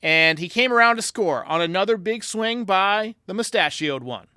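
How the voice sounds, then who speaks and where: A man hosting a sports podcast, giving an excitable casual game recap and talking straight to his viewers. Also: high voice, moderate pace, clear, resonant tone, dry recording, clean studio sound. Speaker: podcast host.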